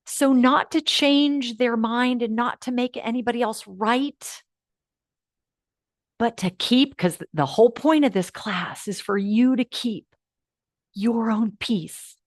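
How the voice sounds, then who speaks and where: A woman hosting a live online class, guiding listeners through affirmations in a coaching manner that moves between hushed and lively. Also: a little high, slow pace, no room sound, clean studio sound. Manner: warm coaching, swings from hushed to animated. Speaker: host of an uplift program.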